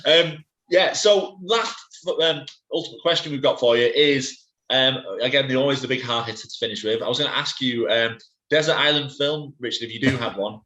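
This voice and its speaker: A man's voice: medium pitch, fairly quick, sharp tone, echoey room. A man hosting a podcast, chatting enthusiastically with frequent fillers. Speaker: podcast host. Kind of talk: casual interview chat.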